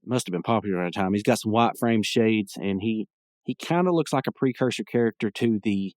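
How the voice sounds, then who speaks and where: In casual solo commentary, a young podcast host rambles through a recap of a cartoon episode, chuckling as he acts out lines. His voice is fairly low and darkish, a little fast, captured as a dry, studio-quality recording.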